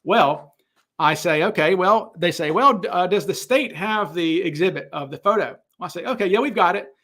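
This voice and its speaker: A middle-aged man with a gravelly voice pitched a bit high hosts a casual question-and-answer stream. He tells stories in an animated way, stopping and restarting often with plenty of fillers. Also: moderate pace. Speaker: host answering viewer questions. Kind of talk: casual livestream Q&A.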